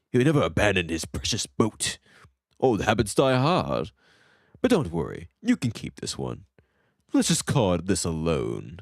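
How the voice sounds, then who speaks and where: A man voicing a jovial, boastful old male shipbuilder and salesman, straining to sound gruff while reading game dialogue aloud. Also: fairly low pitch, no room sound, clean studio sound.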